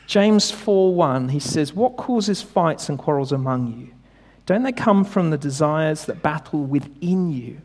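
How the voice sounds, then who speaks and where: A man's voice: on the high side, animated, a little slow, darkish tone. Man preaching in a reverberant hall. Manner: conversational, emphatic, rhetorical questions. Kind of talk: sermon.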